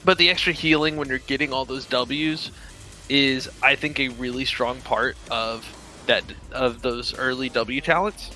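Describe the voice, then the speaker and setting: Bright-voiced male esports co-caster. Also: mid-range voice, steady tone, soft background music, rough recording. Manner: chatty, self-correcting, quick laughs. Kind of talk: casual esports commentary.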